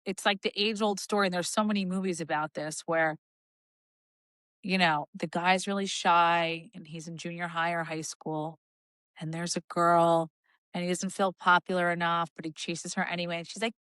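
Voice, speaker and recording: Female podcast co-host, bright and forward tone, animated anecdotal delivery, dry booth sound. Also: mid-range voice, normal speed, no echo. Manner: animated storytelling with quoted voices. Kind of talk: casual chat.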